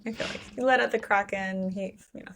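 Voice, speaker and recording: A woman with a gravelly, creaky voice co-hosting a book podcast. She chats casually and is quick with blunt, playfully crude jokes. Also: medium pitch, fairly even intonation, fairly bright tone, slight background noise. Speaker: podcast co-host.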